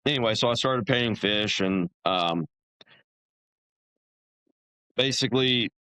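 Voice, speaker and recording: A man's voice: on the low side, sharp tone, clear, resonant tone, dry recording, low-quality recording. A young man, a podcast guest, telling his story in a casual, rambling way, full of fillers and restarts.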